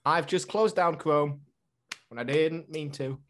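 A man's voice: fairly high pitch, unhurried, a little hiss or hum. Giggly young man. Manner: giggly, swears, directs the skit. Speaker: podcast co-host. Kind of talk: casual chat.

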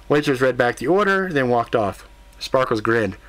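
A man reading narration for an audiobook in a steady, even storytelling manner. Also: medium pitch, moderate pace. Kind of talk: scripted narration.

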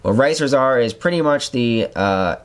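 On his podcast, a young host spins stories in a casual, rambling chat, using lots of fillers and animated delivery. His mid-range voice moves at normal speed.

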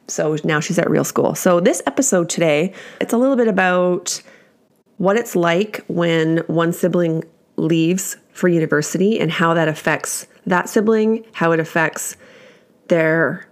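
A middle-aged woman hosting a casual solo podcast from home, chatty and self-deprecating, laughing often as she talks. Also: lowish voice. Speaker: podcast host.

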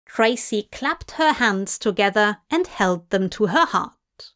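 A woman reading a story aloud in an unhurried, even narration. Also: mid-range voice. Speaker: fanfiction reader. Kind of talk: audiobook narration.

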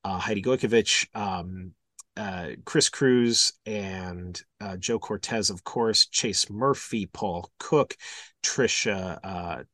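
A man from Wisconsin, a radio host and podcast guest, chatting casually in an animated, joking way. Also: on the low side, slow, dry recording. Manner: animated, joking, slips into silly voices.

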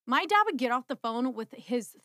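A woman from Maryland co-hosting a casual podcast chat, playful and jokey with quick reactions. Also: fairly high pitch, sing-song, fairly bright tone, no room sound, clean studio sound. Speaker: podcast co-host.

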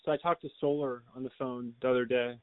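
A man's voice: mid-range voice, fairly even intonation, quick pace, dry recording, phone-quality sound. A man on a podcast telling a long rambling story in casual chat, full of restarts and little laughs. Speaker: podcast co-host.

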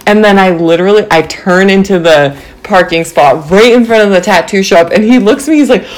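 A young woman in her twenties, casually telling a story to her viewers in a bubbly, animated way, full of fillers like "like" and "um". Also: medium pitch, a little fast. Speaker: vlogger.

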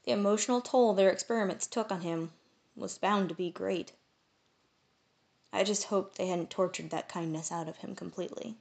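Expressive woman reading a fantasy story. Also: medium pitch, normal speed, vocal fry. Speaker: audiobook narrator. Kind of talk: first-person fantasy story narration.

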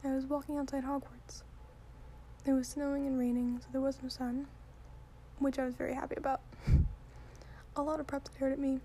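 Woman, soft unvoiced whisper, deadpan, whispered ASMR reading, high voice, faint background hiss. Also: normal speed, pauses often.

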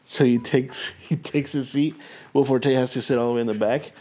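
A man's voice: medium pitch, steady tone, moderate pace, a little mellow. A young man chatting casually as a podcast co-host, rambling, swearing and laughing through his stories. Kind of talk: casual chat.

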